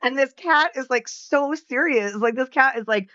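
A woman's voice: sits high, normal speed, sharp tone, no room sound. Giggly, chatty female morning-show co-host in her forties, dry, slightly muffled studio sound. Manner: giggly, chatty, lots of fillers. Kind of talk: casual on-air banter.

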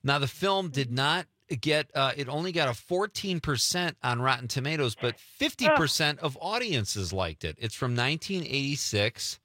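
A man hosting a radio talk show, lively and announcer-like, introducing his guest. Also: medium pitch, normal speed, few pauses, no room sound, clean studio sound. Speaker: radio host. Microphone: studio microphone.

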